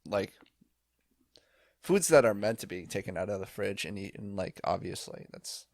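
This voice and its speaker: A man's voice: lowish voice, animated, moderate pace, vocal fry, a little mellow, dry recording. A young man co-hosting a casual podcast chat, blunt and sarcastic, swearing freely. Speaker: podcast co-host.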